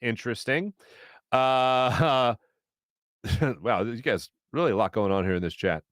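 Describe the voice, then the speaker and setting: A man's voice: mid-range voice, measured pace, no room sound, studio quality. A man in his thirties with a Philadelphia accent, hosting a live sports talk show, rambling and joking as he reads chat comments. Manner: animated, rambling, jokey, lots of fillers and asides. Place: small studio. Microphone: studio mic.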